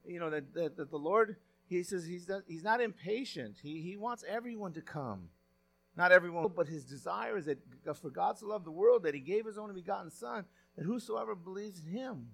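A male pastor giving a sermon in a conversational way, often restarting his sentences as he retells a story. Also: high-pitched. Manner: conversational preaching, with frequent restarts and retelling of stories.

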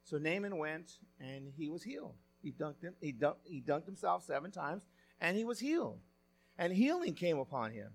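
A man's voice: on the high side, sing-song, normal speed, gravelly. A male pastor giving a sermon in a conversational way, often restarting his sentences as he retells a story. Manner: conversational preaching, with frequent restarts and retelling of stories.

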